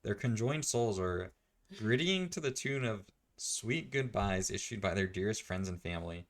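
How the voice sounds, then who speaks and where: A man puts on a grand, mock-solemn eulogy voice, slow and pompous. It sits a bit above his own low voice. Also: lively intonation, close to an everyday voice. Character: solemn mock funeral speaker, pompous male.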